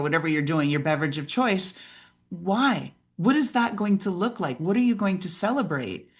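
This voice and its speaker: A woman speaking as a podcast guest and business mentor, telling lively stories, acting out quoted voices and often asking "right?". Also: fairly low pitch. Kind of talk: animated interview conversation.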